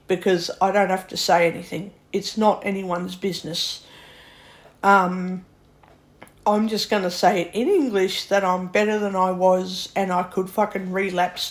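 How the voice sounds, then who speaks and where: Woman, blunt exasperated rant, swears a lot, casual vlog monologue. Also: medium pitch. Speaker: vlogger. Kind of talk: ranting monologue to camera.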